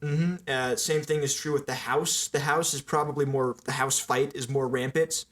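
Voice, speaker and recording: A man's voice: medium pitch, fairly even intonation, normal speed, fairly bright tone. Man casually reviewing a movie. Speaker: podcast co-host. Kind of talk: casual chat.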